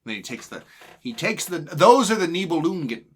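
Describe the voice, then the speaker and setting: A man co-hosting a casual film podcast, laughing often and acting out characters in high silly voices. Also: sing-song, normal speed, husky. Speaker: podcast co-host. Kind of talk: casual film discussion chat.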